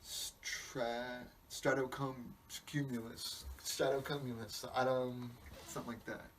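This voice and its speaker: A male podcast host with a medium-pitched voice and level tone takes his time in a rambling comic monologue. He's profane and meandering, often breaking off his own sentences. The mic is distant, with faint hiss in the background.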